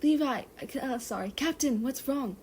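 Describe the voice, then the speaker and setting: A woman's voice: high-pitched, animated, moderate pace, darkish tone, a little hiss or hum, voice pushed up. A woman voicing a flustered, eager young male soldier in a fan fiction reading, with a raised voice. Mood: alarmed.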